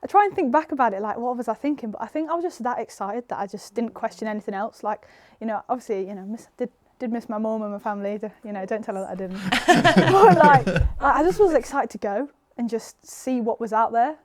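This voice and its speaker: A woman's voice: fairly high pitch, fast talker, hardly any pauses, a little mellow. A young woman with an English accent, chatting casually as an interview guest, full of "like" and "you know". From England. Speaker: guest footballer.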